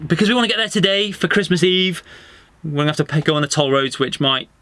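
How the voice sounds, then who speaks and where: A man's voice: on the high side, fast talker, sharp tone, dry recording. A British man talking casually in a travel vlog, jokey and rambling with restarts, recorded outdoors and in a van in the mountains. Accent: British English. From United Kingdom. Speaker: vlogger. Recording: noisy outdoor camera audio.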